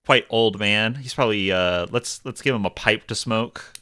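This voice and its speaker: A man narrating a tabletop game as game master, describing scenes in a halting, stop-start way. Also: fairly low pitch, bright, forceful tone, clean tone.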